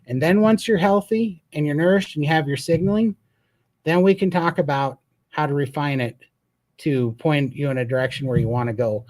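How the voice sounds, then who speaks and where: A man's voice: a little high, normal speed, darkish tone, dry recording. Earnest man hosting a live Q&A. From Montana, USA. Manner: earnest and emphatic, with a storytelling streak. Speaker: host. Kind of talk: live Q&A chat.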